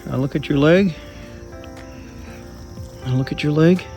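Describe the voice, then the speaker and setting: A man's voice: a little high, a little slow, dark tone, soft background music. A man, chatting casually to viewers while camping outdoors in the woods. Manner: folksy, chatty, talks to viewers as y'all. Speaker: outdoor vlogger. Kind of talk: casual camping vlog narration.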